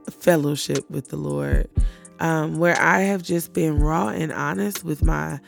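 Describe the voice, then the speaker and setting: A woman hosting a personal faith podcast who talks candidly and reflectively, often pausing with fillers. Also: sits low, gravelly, soft background music. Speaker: podcast host.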